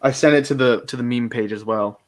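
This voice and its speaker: Speaking fairly quickly in a mid-range voice, this young American man joins an online call as a guest. His casual chat wanders, doubles back on itself and is full of jokes, all picked up by a computer microphone.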